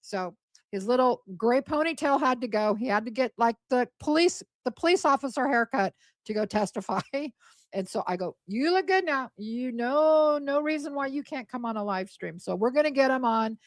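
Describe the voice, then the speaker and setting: Rambling female streamer with a slightly high voice and a dry, close sound. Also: animated, normal speed, no echo. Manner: chatty, rambling. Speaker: livestreamer. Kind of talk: casual livestream chat.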